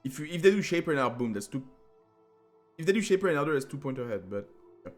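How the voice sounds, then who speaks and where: A man's voice: on the high side, quick pace, faint music behind. A tired man with a French accent commentating a live game, joking and filling gaps with lots of "uh". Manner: excitable, joking, many fillers. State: sleep-deprived. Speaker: esports commentator.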